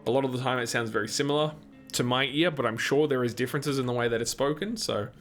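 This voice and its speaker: A man's voice: medium pitch, quick pace, a bit bright, soft background music. An Australian man hosting a live gaming stream, chatting casually and answering viewers' comments between moments of play. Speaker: livestream host.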